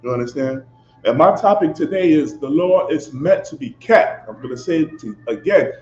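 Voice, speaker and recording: A man preaching a fiery sermon, emphatic and confrontational, constantly checking "you understand?" and swinging between loud outbursts and low asides. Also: animated, moderate pace, a little hiss or hum. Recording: echoey, dull, slightly lo-fi with faint ambience.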